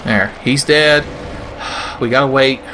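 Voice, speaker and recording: A man's voice: medium pitch, slow pace, pushed and bright, a little hiss or hum. A man doing sarcastic, profane comedic commentary over gameplay, ranting and putting on silly voices. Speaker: gaming video host.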